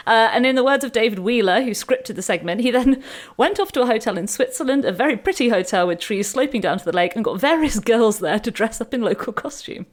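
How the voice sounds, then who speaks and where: A woman's voice: on the high side, animated, fast talker. A woman co-hosting a history podcast, telling a story in a chatty, amused way. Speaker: podcast co-host. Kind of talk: casual storytelling chat.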